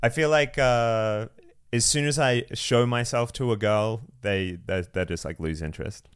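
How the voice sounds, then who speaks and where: A man's voice: mid-range voice, moderate pace, clean tone. A man with an Australian accent, a podcast guest chatting casually, self-deprecating and rambling with lots of fillers. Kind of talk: casual chat.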